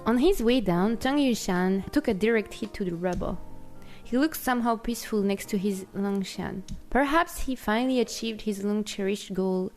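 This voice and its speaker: A woman streaming a game, reading its text aloud and breaking into giggly, excited outbursts. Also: medium pitch, normal speed, soft background music. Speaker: VTuber streamer.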